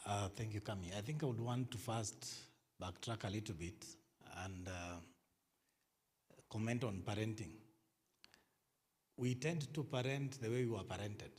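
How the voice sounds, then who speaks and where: Male counselor, lowish voice, measured and thoughtful answers. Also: a little mellow. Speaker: counselor on a parenting panel. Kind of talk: answering on a church panel.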